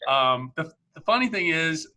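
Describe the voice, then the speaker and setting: A man hosting a casual interview over a video call, chatty and quick to laugh. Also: on the high side, expressive, pushed and bright. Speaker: podcast host.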